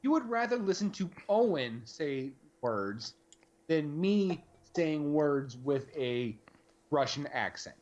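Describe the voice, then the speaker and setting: A man's voice: fairly high pitch, sing-song, slow pace, a little mellow, muffled recording. A man co-hosting a live stream, talking in a rambling, casual way with plenty of fillers. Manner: rambling, conversational, lots of fillers. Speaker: podcast co-host.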